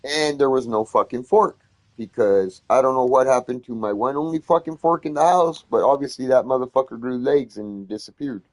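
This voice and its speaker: A man telling a heated story in casual conversation, swearing constantly and getting loud when he retells arguments. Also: medium pitch, normal speed.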